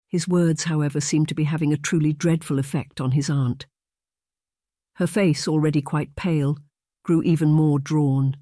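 A man narrating a novel in a measured, even reading. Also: a little high, dry recording, clean studio sound. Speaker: audiobook narrator. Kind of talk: scripted narration.

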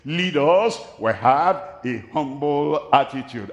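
A man with a Nigerian accent preaching a sermon at a large crusade, speaking slowly and deliberately, repeating his key phrases. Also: fairly high pitch, animated. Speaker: pastor. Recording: echoey hall, voice from a distance.

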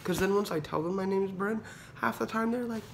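A young man with a gravelly, fry-heavy voice vents on a casual phone vlog from a hospital room, dramatic and full of "like"s and swearing. His pitch sits mid-range, and a faint hum of the room sits behind him. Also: fairly quick, fairly bright tone. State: unwell patient awaiting kidney surgery. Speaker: vlogger.

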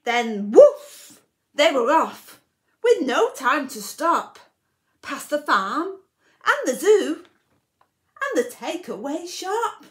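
A woman reads a rhyming picture book aloud to children for a library storytime. She goes very slowly, with a high voice that swoops widely. Now and then she drops into a whispered aside. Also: sing-song, a bit bright.

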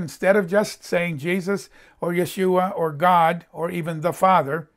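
A man preaching a sermon, earnest and emphatic, who slows down to dwell on scripture phrases and puts direct questions to his listeners. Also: sits high. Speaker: pastor.

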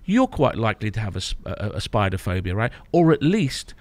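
A man coaching and explaining on a podcast, emphatic, often checking in with a quick "right?". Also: on the low side, sing-song, darkish tone, dry recording. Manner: emphatic, explaining, frequent "right?" tag questions. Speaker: therapy programme coach. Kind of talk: podcast guest conversation.

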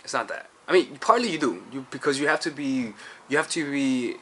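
A man's voice: medium pitch, lively intonation, fairly quick, a bit bright, a little hiss or hum. A man giving casual dating advice as a coach, rambling with many restarts and checking in with "all right?" and "you see".

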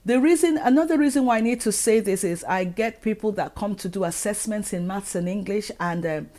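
A woman's voice: mid-range voice, a little fast, dark tone. A middle-aged woman from Africa, hosting her own advice vlog and talking earnestly to the camera, full of rhetorical questions. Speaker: channel host and educator.

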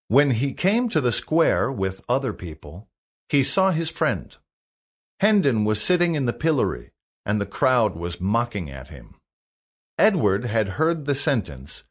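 Man reading a storybook, lively pitch. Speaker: audiobook reader. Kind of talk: scripted narration.

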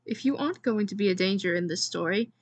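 A woman voicing a tired, blunt young female traveler in a storybook, speaking in an exasperated, matter-of-fact way with a breathy tone. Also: medium pitch, lively intonation, fast, no echo. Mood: grumbling.

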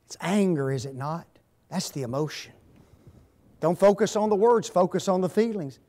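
High-voiced man giving a seminar talk. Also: animated, moderate pace, mellow. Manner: asks fill-in-the-blank questions. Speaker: guest speaker. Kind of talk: marriage seminar lecture.

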